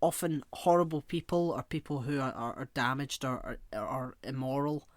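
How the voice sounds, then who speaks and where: A man's voice: mid-range voice, normal speed, no echo. Dry-sounding man in rambling chat. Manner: rambling, searches for words with many fillers. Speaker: podcast co-host. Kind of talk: casual chat.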